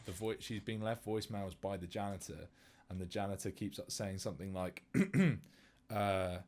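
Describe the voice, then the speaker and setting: Male podcast co-host, lower register, animated casual film chat. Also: moderate pace. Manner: animated, many fillers and restarts.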